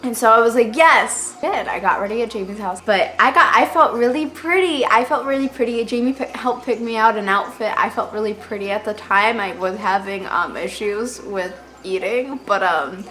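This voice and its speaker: A woman's voice: medium pitch, normal speed, hardly any pauses, a bit bright. A teenage girl telling stories to camera in a casual, rambling way, full of filler words and self-deprecating asides. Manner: chatty, rambling, heavy on "like" fillers. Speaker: vlogger.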